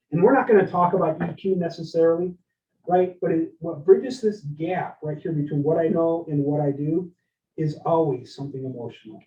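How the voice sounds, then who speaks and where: Telling stories during a leadership workshop, this energetic middle-aged man keeps turning to the audience with "right?" His voice is a little high, and he addresses both people in the event room and those online, heard through roomy, distant, dull lo-fi audio.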